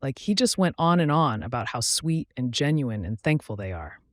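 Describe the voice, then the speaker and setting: Male narrator, mid-pitched, plain steady read, dry close sound, no room. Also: moderate pace, no room sound. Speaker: story narrator. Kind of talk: scripted narration.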